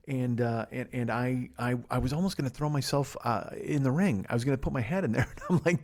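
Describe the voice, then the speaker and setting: This is a middle-aged man from Chicago delivering a fast, rambling solo podcast monologue full of profanity and self-deprecating jokes, with no real pauses. He has a mid-range, somewhat mellow voice, records on a laptop mic in a living room, and fights back yawns between runs of talk.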